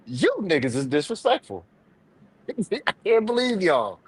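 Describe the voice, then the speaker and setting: A man hosting a live online panel, telling a rambling, profane story with big swings between loud and quiet, a little drunk. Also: a little high, very animated, unhurried, a crowd in the background, rough recording. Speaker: live show panel host.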